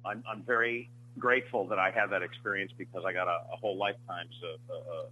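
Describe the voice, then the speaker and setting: A man, a screenwriter being interviewed, telling stories in a halting way with many fillers and restarts, on muffled lo-fi audio. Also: deep voice, fairly even intonation, bright, forceful tone, slight background noise. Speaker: screenwriter guest. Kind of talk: interview storytelling.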